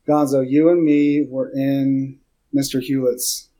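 A man appearing as a guest on a podcast, telling stories in a casual, animated way, laughing and acting out his own reactions. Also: medium pitch, slow, low-quality recording. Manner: animated storyteller, laughs and does lively quoted reactions. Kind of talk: casual chat.

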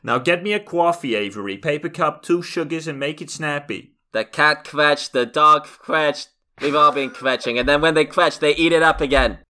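A man voicing a middle-aged New York mother who scolds and nags in a shrill, bossy way. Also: normal speed, pushed and bright. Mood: nagging, shrill.

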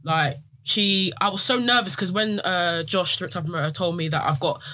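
A young woman, a wrestler guest chatting casually on a podcast, full of fillers and quick asides. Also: on the low side, sharp tone. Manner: fast and chatty, lots of fillers.

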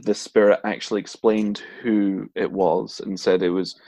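The voice is a man's, fairly low and recorded close and dry with almost no room sound. He co-hosts a podcast, telling a folklore tale in a loose, chatty way and breaking into laughter and jokey voices. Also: little pitch movement, moderate pace, creaky, dark tone, no echo. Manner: laughs often, acts out voices, swears casually. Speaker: podcast co-host. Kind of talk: casual storytelling chat.

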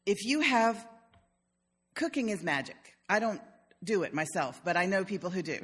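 A woman's voice: medium pitch, lively intonation, normal speed, slightly rough. An older woman pastor giving a conversational sermon in a church, telling stories with humor. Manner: warm storytelling with humor.

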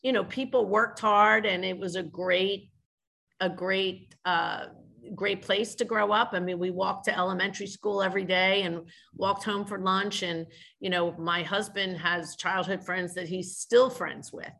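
A woman's voice: medium pitch, steady tone, a little slow, gravelly, a bit bright. A woman being interviewed on a podcast, talking earnestly and reflectively, often restarting her sentences. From family from France. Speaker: podcast guest, business leader. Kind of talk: casual interview talk.

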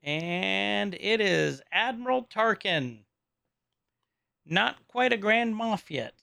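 Gravelly, fairly high-voiced man recapping an episode. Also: animated, takes it slowly, pushed and bright, no room sound, studio quality. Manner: laughs often, stumbles over names. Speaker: podcast co-host. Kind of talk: casual chat recapping an episode.

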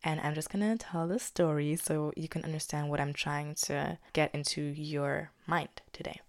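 Low-voiced chatty young woman podcaster. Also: fairly even intonation, normal speed, no room sound, clean studio sound. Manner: chatty, with many "like" and "basically" fillers. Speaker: podcast host. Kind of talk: casual spoken storytelling. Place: living in Germany.

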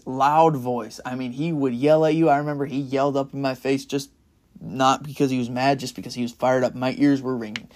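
Young guy preaching casually, earnest and fired up, mid pitch, gets loud when excited. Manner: earnest and enthusiastic, rising to loud bursts of excitement. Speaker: podcast preacher. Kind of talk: casual Bible-study sermon.

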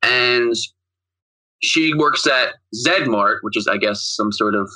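A man's voice: mid-range voice, slow, sharp tone, poor audio. A man co-hosting a podcast, casually recapping a film and retelling its scenes in a rambling way. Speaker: podcast co-host. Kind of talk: casual movie recap chat.

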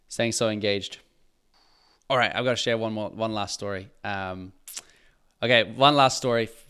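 Smooth-voiced man on a livestream. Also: mid-range voice, a bit bright. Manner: chatty and earnest, reads out viewer comments, restarts often. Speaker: photographer hosting a live Q&A. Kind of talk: casual livestream chat.

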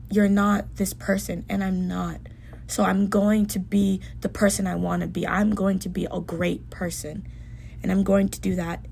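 An earnest young woman talks through a heartfelt podcast monologue, her voice roughened by a gravelly fry. She sounds emotional and sincere, and a faint hiss of noise sits behind her. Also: mid-range voice. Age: young adult. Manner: earnest, heartfelt self-talk with soft dips. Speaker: podcast host.

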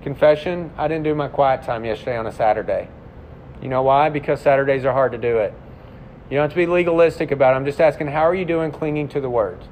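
A man's voice: quick pace, a little mellow. A man, a pastor, preaching a sermon in a conversational, confessional way, with rhetorical questions to his congregation. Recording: slightly muffled sound with faint rumble.

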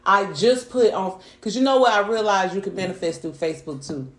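A woman's voice: medium pitch, animated, a little fast. A young woman hosting a podcast, talking bluntly and profanely in casual storytelling chat. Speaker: podcast host. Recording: roomy echo.

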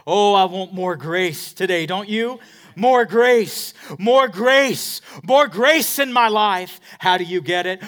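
A man preaching a sermon, swinging between shouted emphasis and hushed asides, using repetition and call-and-response. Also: sits high, slow. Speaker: pastor.

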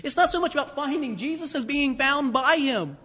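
A middle-aged man preaching a sermon, conversational and animated, with asides and fillers. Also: very high voice, fairly quick, long reverb tail. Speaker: pastor.

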